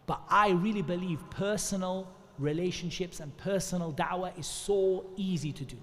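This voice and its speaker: A man's voice: high-pitched, normal speed. A man gives an informal religious talk, conversational with many restarts and asides. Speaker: speaker giving a talk at an Islamic centre. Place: mosque hall. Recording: long hall reverb.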